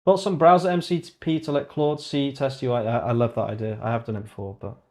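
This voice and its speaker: A man talks his way through a live coding session, reading viewer questions aloud and answering them casually. He drifts into quiet, muttered asides and sarcastic grumbles at his work. His voice sits at an ordinary middle pitch. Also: steady tone, quick pace. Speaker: streamer building an online store.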